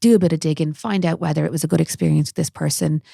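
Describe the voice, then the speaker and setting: An Irish woman, a makeup artist, chatting as a podcast guest in a quick, self-deprecating way. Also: low voice, steady tone, gravelly, mellow, slightly rough, no room sound, studio quality. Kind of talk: casual podcast chat.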